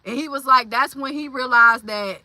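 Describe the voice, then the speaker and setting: A woman in her forties hosts a casual livestream chat, her high voice pushed and bright at a moderate pace with no room sound. She talks loosely and slangily, full of fillers, reading viewer comments aloud and answering them.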